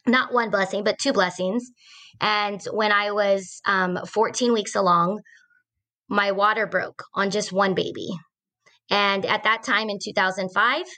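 A woman's voice: medium pitch, sharp tone. A woman in her forties, a podcast host, earnestly telling a personal story in a conversational way, with fillers and restarts.

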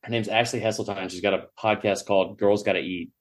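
A man's voice: on the low side, steady tone, quick pace. A man, a podcast guest telling a long story in a rambling, self-mocking, profane way. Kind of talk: storytelling in casual chat.

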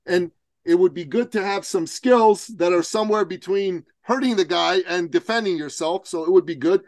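Podcast host guy, candid chatty, slightly high, dry close mic. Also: moderate pace, no room sound. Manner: candid, conversational, swears casually. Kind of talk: casual conversation.

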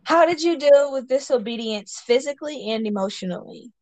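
A young woman asks her father questions in a high, lively voice that swings up and down, teasing and expressive. The sound is close and dry. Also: fairly quick, no echo. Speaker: interviewer, daughter. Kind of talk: casual family interview.

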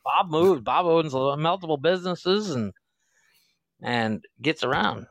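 Man, podcast co-host, crude jokes, frequent laughter, lively pitch, slightly high voice. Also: slow, gravelly, no echo. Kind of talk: casual comedy chat.

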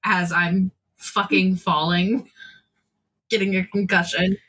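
A woman playing a tabletop game, joking excitably and swearing freely. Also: mid-range voice, takes it slowly, breathy edge. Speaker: player. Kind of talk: casual tabletop play.

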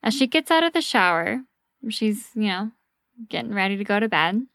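A woman host casually telling a ghost story on a podcast, animated and swearing freely. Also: medium pitch, normal speed, dry recording, studio quality.

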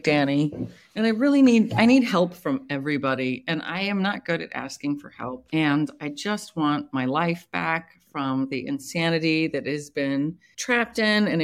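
A woman co-hosting a casual podcast chat, telling a story with lively acted-out dialogue. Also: sits low. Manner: animated storyteller, acts out quoted dialogue. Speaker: podcast co-host.

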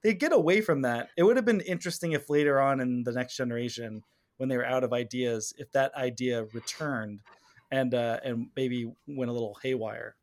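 A man in his forties co-hosting a casual chat podcast, animated and laughing often as he quotes lines. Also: mid-range voice, brisk. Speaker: podcast co-host.

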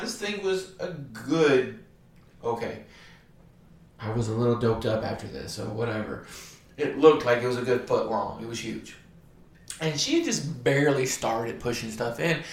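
A man's voice: medium pitch, reverberant, slight background noise. Wry man rambling through a story. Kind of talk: casual personal anecdote.

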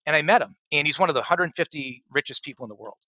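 A middle-aged man talking as a podcast guest, with a bright, forceful voice. He tells animated stories and plays out his own cold-call pitches. The sound is dry and close. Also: fast, no echo, highs cut off. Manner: animated storyteller who acts out phone pitches. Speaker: guest, sales and recruiting coach. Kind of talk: casual podcast interview.

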